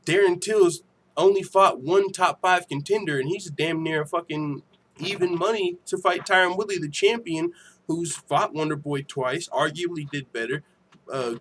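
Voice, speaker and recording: A man hosting a casual livestream, reading viewer comments aloud with profane, laughing, animated banter. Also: fairly high pitch, normal speed, slight background noise. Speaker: MMA show host.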